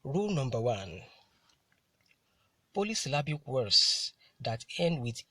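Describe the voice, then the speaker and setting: A man gives a classroom lesson on word stress, talking slowly and deliberately and moving from point to point. His voice is a little husky, and the recording sounds dry and close. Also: mid-range voice, big pitch swings, pushed and bright, no echo. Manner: deliberate, repeats "now" to move on. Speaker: English teacher.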